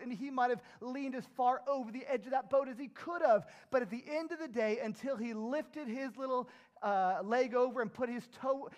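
A man's voice: very high voice, darkish tone. A middle-aged man pastor preaching a sermon in an earnest, emphatic way, pushing up to strong rises.

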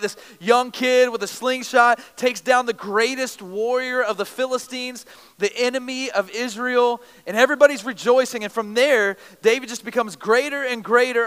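Guy preaching, high-ish smooth voice, super casual storytelling, big hall echo. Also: fairly bright tone. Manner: casual storytelling preaching, acts out characters in slangy paraphrase. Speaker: pastor. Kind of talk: sermon.

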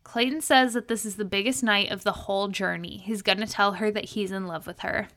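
Young female podcast co-host, bright mid-pitched voice, lively retelling with quotes and giggles. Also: a little fast. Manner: animated storytelling, quoting people with laughs. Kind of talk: casual recap chat.

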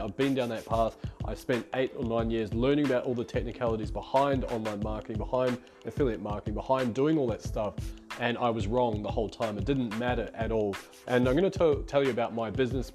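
Chatty New man hosting a podcast. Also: medium pitch. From New Zealand. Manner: chatty, rambling, self-deprecating. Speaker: podcast host. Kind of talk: solo podcast monologue.

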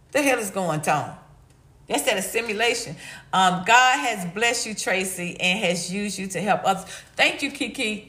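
A woman's voice: mid-range voice, pushed and bright. A middle-aged woman hosting a livestream, chatting casually and reading chat comments in a slangy, blunt, laughing way. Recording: echoey room.

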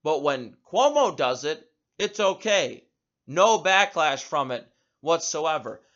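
A man's voice: a little high, very animated, slow pace, fairly bright tone, dull audio. A man hosting a talk show, giving an emphatic opinion monologue and often repeating words as he starts a sentence. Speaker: radio talk show host.

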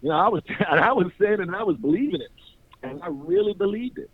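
With a high, sing-song, slightly rough voice, this fast-talking North Carolina man chats about his life, doing voices for the people in his stories, repeating words and laughing often. There's no echo, but the sound is tinny, like a phone on the radio.

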